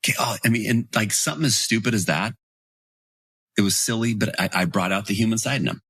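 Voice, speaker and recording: A low-pitched man in his forties with a husky edge tells stories as a guest on an interview podcast. He jumps into the voices of the people in his tales. The sound is close and dry, with no room around it. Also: quick pace, dry recording. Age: 40s. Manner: animated storyteller, acts out quoted voices.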